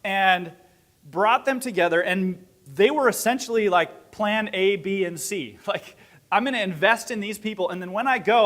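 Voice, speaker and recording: Bright, high male speaker; storytelling inspirational talk, acts out the dialogue. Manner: animated, acts out quoted dialogue, laughs at own story. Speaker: speaker at a gathering.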